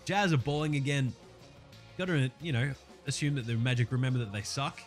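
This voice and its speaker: Hoarse Australian man hosting a podcast. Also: mid-range voice, faint music behind. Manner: brisk, swearing, slangy chat. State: hoarse, sore throat. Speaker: podcast host. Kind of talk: casual podcast predictions.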